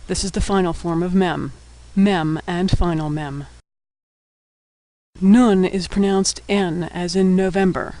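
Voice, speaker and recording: A man giving a scripted lesson, naming each letter and explaining its sound in a patient, clear way. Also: high-pitched, fairly even intonation, slow pace, mellow, dry recording, rough recording. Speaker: teacher. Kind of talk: scripted instructional narration.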